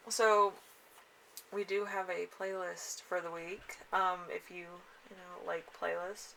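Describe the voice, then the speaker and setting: A woman giving a casual tarot reading, halting with fillers and small laughs. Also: fairly low pitch, level tone, vocal fry, bright, forceful tone, slight background noise. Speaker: tarot reader.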